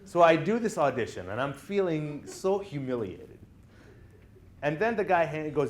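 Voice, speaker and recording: A man's voice: medium pitch, lively intonation, moderate pace, slight background noise. Conversational man giving a classroom lecture. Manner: conversational, often checks in with "right?". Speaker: college lecturer. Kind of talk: classroom lecture with personal stories.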